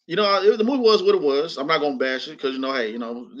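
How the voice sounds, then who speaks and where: As a guest in a casual film discussion, a man sounds laid-back and hesitant, leaning on lots of fillers. His pitch is fairly high and his pace quick, captured in slightly dull lo-fi sound.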